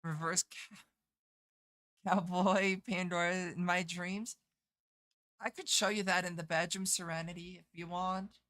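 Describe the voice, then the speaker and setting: Woman streamer, bright forceful voice, chatty and profane, reads and answers chat. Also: fairly low pitch, level tone, a little slow, long pauses. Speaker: game streamer. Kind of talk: casual live-stream chat.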